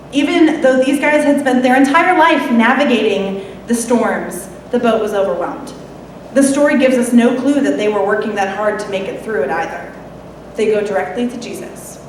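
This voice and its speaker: A woman's voice: on the high side, slight background noise. A woman delivering a sermon in a conversational way, with wry asides. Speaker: preacher. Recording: echoey hall, mic far off.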